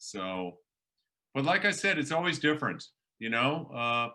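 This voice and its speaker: A man's voice: mid-range voice, very animated, a little slow, sharp tone. A man hosting a workshop as a professor, chatting casually with many restarts and fillers.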